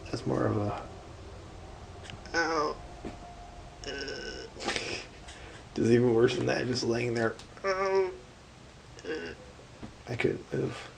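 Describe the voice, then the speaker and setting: A tired man half-whispering a late-night vlog, recounting a painful hospital night in a drowsy way with sudden lively bursts. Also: medium pitch, slow, gravelly, background noise. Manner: hushed, drowsy storytelling that swings from whispers to animated outbursts. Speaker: vlogger.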